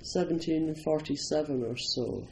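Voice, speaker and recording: A man's voice: a little high, measured pace, gravelly, a little hiss or hum, low-quality recording. A Scottish man from Scotland giving an informal, humorous Buddhist talk, telling stories and often chuckling. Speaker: Buddhist teacher.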